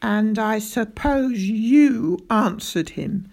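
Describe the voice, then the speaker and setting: A woman playing a stern, bullying male schoolteacher with a military past, who shouts and barks his orders. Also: medium pitch, animated, slow pace. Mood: menacing. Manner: shouting, barking.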